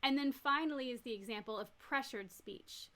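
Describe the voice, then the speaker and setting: Female nurse educator, somewhat high and bright voice, plain step-by-step lecturing. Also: moderate pace. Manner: clear, step-by-step explaining with everyday examples. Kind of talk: recorded teaching lecture.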